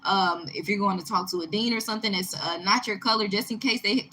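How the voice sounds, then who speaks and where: A young woman from Texas telling a personal story in a casual talk video, in an emphatic, animated way. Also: medium pitch, brisk, slight background noise, poor audio. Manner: emphatic, animated retelling with rising indignation. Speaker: vlogger.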